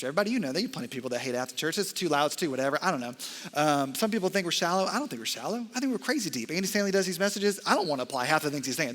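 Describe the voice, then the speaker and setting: A young man, a college ministry director, giving an animated sermon full of jokes and off-script asides on a stage microphone in a large church hall. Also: fairly high pitch. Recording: long hall reverb.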